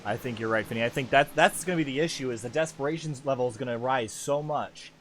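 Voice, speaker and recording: A male play-by-play voice for a sim racing broadcast, chatty and quick to poke fun at himself. His pitch sits mid-range but leaps up when he calls the action. He talks through the field truck by truck. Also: fairly bright tone, slight background noise. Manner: chatty and self-deprecating, swings up in pitch on race calls. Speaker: lead race commentator.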